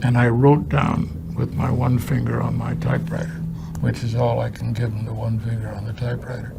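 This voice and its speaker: An older man from Chicago, a film director, telling humorous, salty anecdotes in an interview with a gravelly voice. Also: mid-range voice, level tone, fairly quick, heavy background noise. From Chicago, USA. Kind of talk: anecdotal storytelling.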